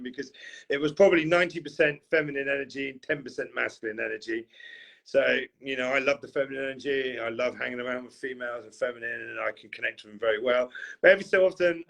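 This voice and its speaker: Guy rambling on a podcast, gravelly voice with some fry, bit husky. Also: mid-range voice, a bit bright. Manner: rambling, full of fillers and restarts. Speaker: podcast co-host. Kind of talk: casual storytelling chat.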